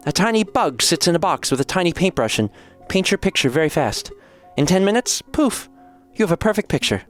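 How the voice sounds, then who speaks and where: A man's voice: sits high, very animated, a little fast, soft background music, voice pushed up. A man voicing a young noble cat girl who is sweet, chatty and naive, talking in a bubbly, breathless way.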